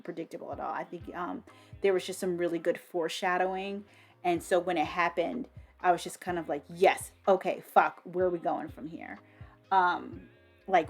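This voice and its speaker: A woman chatting about her monthly reads in a slightly low voice. She talks with bursts of enthusiasm, casual swearing and plenty of ums. Soft music sits faintly behind her. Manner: enthusiastic, swears freely, many ums and restarts. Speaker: book vlogger. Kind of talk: casual book review.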